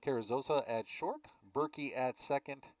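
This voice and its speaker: A man calling a baseball game play by play from a ballpark press box, chatting easily between pitches. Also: normal speed, no echo, far from the mic, poor audio. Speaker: play-by-play announcer.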